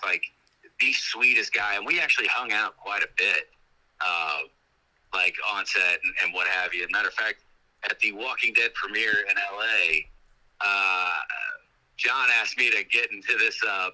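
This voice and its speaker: A man's voice: on the low side, pushed and bright, low-quality recording. A man in casual interview talk, telling rambling stories with many restarts. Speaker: actor guest.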